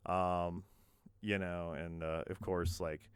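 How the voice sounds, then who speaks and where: A man's voice: low voice, flat delivery, slow pace, smooth, dry recording. A man hosting a casual podcast, rambling with lots of fillers and chuckles, into a podcast mic. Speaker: podcast host.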